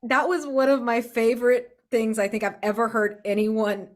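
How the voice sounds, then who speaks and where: A woman gushing in casual chat after a tabletop game session, excitable and swearing freely. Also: on the high side, moderate pace.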